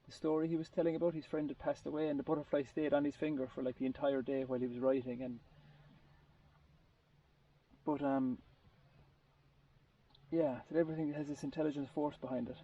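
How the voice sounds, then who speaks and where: A man with a gravelly, mellow voice tells a long story in a relaxed group conversation. He rambles and restarts his sentences as he searches for words. He sits well back from the mic, and the recording sounds muffled and lo-fi. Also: fairly high pitch, brisk, pauses often, recorded from a distance. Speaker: group participant. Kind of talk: casual storytelling in a group chat.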